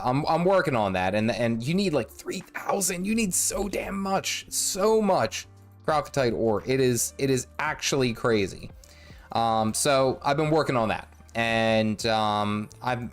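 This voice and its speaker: Guy streaming a game, rambly and jokey, middle voice, faint music in the back. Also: mid-range voice. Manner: rambling, jokey, self-mocking. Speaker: gaming livestream host. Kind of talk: casual gameplay commentary.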